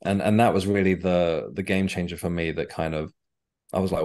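Guest voice: man, low-pitched, rambling and chatty storyteller. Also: fairly quick, a little mellow. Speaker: guest, medium and author. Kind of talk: casual interview chat.

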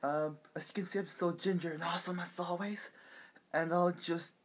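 A young man voicing a cocky ginger vlogger who talks loudly in a raised voice and brags. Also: fairly even intonation, moderate pace, slight background noise, close to an everyday voice. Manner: loud, high, bragging.

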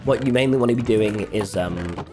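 A young man chatting to his live-stream audience while playing, excitable and swearing freely. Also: fairly low pitch, fairly quick, over music. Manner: excitable, swears freely, jumps between game and chat. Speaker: game streamer.

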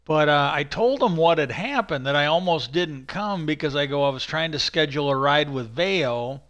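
Bright, exasperated man rambling. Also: a little high, lively intonation, moderate pace. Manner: rambling, exasperated, swears freely. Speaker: livestream host. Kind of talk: casual rambling monologue.

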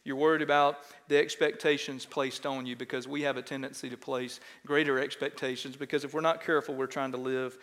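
A middle-aged pastor with a Texan accent, preaching a sermon and telling a self-mocking story in an animated way, often checking in with "right?". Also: male voice, medium pitch, brisk, few pauses. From Texas. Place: large church sanctuary. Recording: long church hall reverb.

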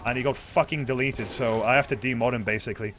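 A young man giving live, excitable commentary on his own gameplay as a streamer, swearing and yelling at the screen. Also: medium pitch, quick pace, slight background noise. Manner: excitable, swears a lot, yells at the game.

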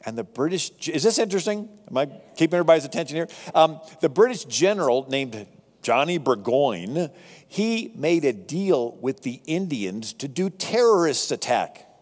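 A man lecturing on history, telling it as a lively story to a live audience with asides. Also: on the high side, normal speed, big-room sound. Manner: animated, conversational storytelling with asides. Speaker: speaker on history.

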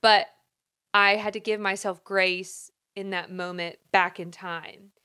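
A woman's voice: medium pitch, fairly even intonation, takes it slowly, pushed and bright, clean tone. A woman in her thirties co-hosting a podcast, telling a personal story openly and with emotion. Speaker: podcast co-host. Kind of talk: casual podcast conversation.

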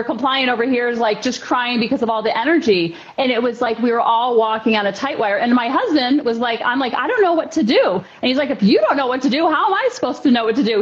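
High-voiced woman podcast host. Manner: animated, storytelling, quick backchannels. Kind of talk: conversational interview. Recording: dull lo-fi sound.

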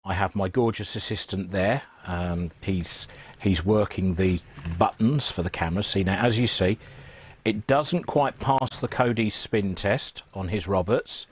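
A man with a lowish voice jokes and teases his way through a casual live stream from a radio repair workshop. The sound is dry and close. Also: a little slow, breathy edge, dry recording. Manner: joking, teasing banter. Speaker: guest presenter of a live stream.

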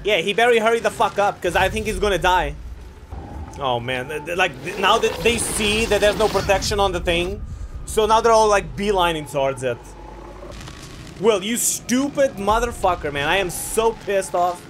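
A man giving casual let's-play commentary while he games, excitable, profane and often exasperated. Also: high voice, normal speed, slight background noise. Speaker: gaming video host.

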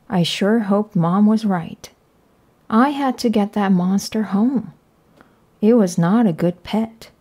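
A woman reading a children's picture book aloud with slow, careful storytelling. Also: mid-range voice, dark tone. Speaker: read-aloud narrator.

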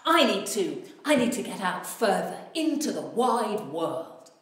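A cheeky little tailor, perky and cocky, chancing his luck, as a woman storyteller puts him on. His lines are quick and bright, and the room lends them an echo. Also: medium pitch, sing-song. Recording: echoey room.

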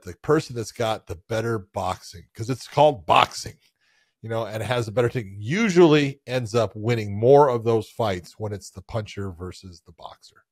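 Animated storytelling man, lowish voice. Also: no echo, studio quality. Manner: animated storyteller, loose and profane. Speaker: podcast co-host. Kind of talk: casual sports chat.

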